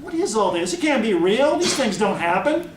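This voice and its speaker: Author doing a frightened young girl, shaky, high-ish, roomy. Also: very animated, normal speed, a little hiss or hum. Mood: scared. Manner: nervous, stammering. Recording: echoey room, mic from far off.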